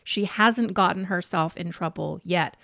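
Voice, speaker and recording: A woman's voice: on the low side, measured pace, creaky, a bit bright, dry recording, studio quality. A woman co-hosting a podcast, recapping reality TV in casual chat, blunt and swearing freely as she retells scenes. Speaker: podcast co-host.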